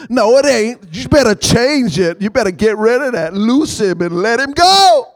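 A man preaching a sermon in call-and-response style, prompting the congregation to finish his lines and rising to shouts. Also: very high voice, sing-song, moderate pace, hardly any pauses, dry recording.

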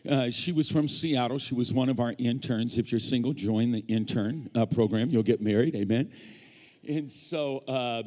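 A man's voice: medium pitch, normal speed, darkish tone. Joking male preacher in a reverberant church. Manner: joking, teasing banter with the congregation. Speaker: guest preacher. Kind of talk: sermon. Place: church sanctuary. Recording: long church hall reverb.

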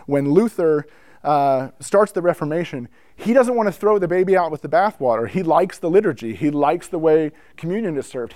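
Male speaker, higher pitch, casual lecture with acted-out quotes, dry recording. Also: no room sound. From North America. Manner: animated, acts out quotes, laughs while telling stories. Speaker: speaker giving a talk on church worship history.

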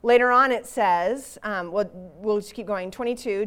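Animated woman teaching scripture. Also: mid-range voice, unhurried, few pauses, clear, resonant tone. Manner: animated and relatable, with rhetorical questions. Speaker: Bible teacher. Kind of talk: conversational Bible teaching to a church group.

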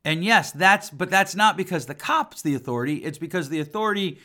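A man's voice: high voice, lively intonation, fairly quick, pushed and bright. A man in his forties, a family therapist, talking in a casual, emphatic and blunt way. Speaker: family therapist and podcast host. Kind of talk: casual podcast talk.

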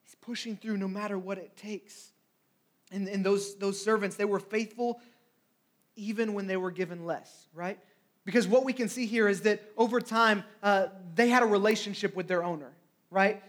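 A man's voice: sits high, steady tone, normal speed. A man preaching a sermon in a conversational way, often asking "right?" and acting out quotes.

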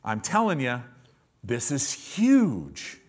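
An animated male pastor preaching to his congregation. His pitch swings widely as he tells stories and acts out the people he quotes, and listeners call back from the pews. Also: slow. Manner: animated storytelling, acting out quoted voices. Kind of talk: sermon. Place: church service with congregation responding.

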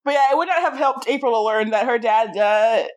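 High-pitched wry woman, swearing freely. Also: fairly quick. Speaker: podcast co-host. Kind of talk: casual TV episode recap.

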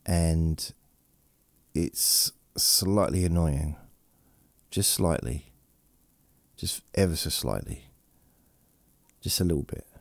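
Deep gravelly man, slow and drowsy. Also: expressive, no room sound. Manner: meandering, self-deprecating, drowsy. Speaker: podcast host. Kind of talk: rambling bedtime podcast monologue. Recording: processed close-mic studio voice.

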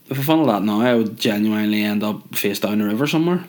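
Young guy, slightly low voice, stuffy from a cold, for a loose, sweary comic rant to camera. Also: fast talker. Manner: rambling, sweary, jokey. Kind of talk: casual comedic rant.

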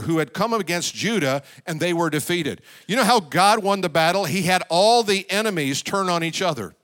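A man preaching a sermon as pastor of a church. He swings between loud, high exclamations and low, quiet asides. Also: lively intonation, brisk, hardly any pauses.

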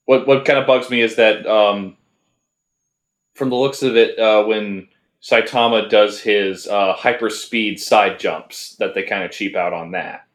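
A man's voice: fairly low pitch, steady tone, unhurried, echoey room. A man co-hosting a casual anime review podcast, talking in a rambling, hesitant way with many fillers and restarts. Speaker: podcast co-host.

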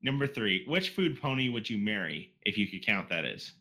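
A man's voice: lowish voice, sing-song, normal speed, crowd noise, low-quality recording. A man hosting a podcast, reading out listener questions in a loose, joking way. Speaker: podcast host. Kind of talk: casual chat.

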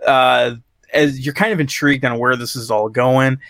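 A man in casual podcast chat, recapping a movie in a loose, rambling way, cursing freely and chuckling at his own tale. His voice sits at a middle pitch and sounds dry and close to the mic, with no room around it. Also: fairly even intonation, normal speed, creaky, fairly bright tone, no room sound. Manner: rambling, profane, laughs at his own story, acts out quotes. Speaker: podcast co-host reviewing a movie.

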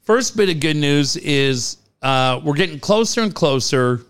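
Brief: male podcast co-host, animated and crude, resonant higher voice. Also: a little slow, clear, resonant tone. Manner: animated, profane, joking. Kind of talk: casual sports chat. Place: garage studio.

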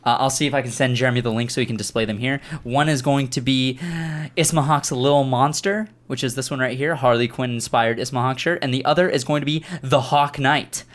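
A man hosting a talk show, running through announcements in a loose, upbeat way. His pitch sits in a middle range. He tosses in playful little asides as he goes. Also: fairly even intonation, a little fast. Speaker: podcast host.

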